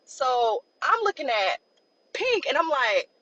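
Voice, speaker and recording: A young woman recounts a story in a loose, chatty way, her voice sitting a little high. She fills her talk with "like" and offhand asides. The audio sounds a bit dull and lo-fi. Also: big pitch swings, slow pace, sharp tone, dry recording. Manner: chatty, loose, peppered with "like" and "blah, blah". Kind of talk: casual storytime.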